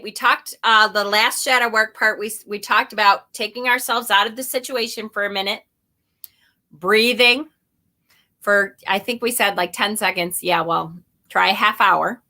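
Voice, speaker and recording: A spiritual vlogger with a mid-range, bright, pushed voice talks slowly and candidly to her viewers. She rambles a bit, swears, laughs at herself, and reads their comments aloud in a casual, confessional way.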